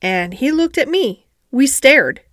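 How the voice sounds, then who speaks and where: A woman's voice: high voice, sing-song, slow, fairly bright tone, no room sound, studio quality, pitched above the performer's own voice, exaggerated voice. A woman voicing an earnest, determined young girl who speaks eagerly. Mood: insistent. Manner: eager, insistent.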